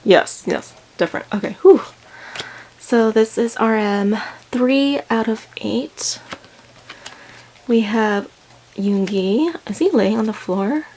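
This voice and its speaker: A woman in a casual unboxing vlog, excited and out of breath, gushing with many ums as she goes. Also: a little high, slow pace, a little hiss or hum. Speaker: unboxing vlogger.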